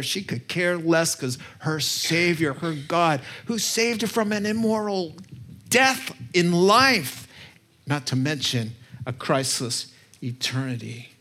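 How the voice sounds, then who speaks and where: Expressive male preacher, fairly high voice. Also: unhurried. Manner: expressive storytelling, voice climbs high in emotional retellings; self-deprecating asides to the congregation. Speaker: pastor. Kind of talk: sermon.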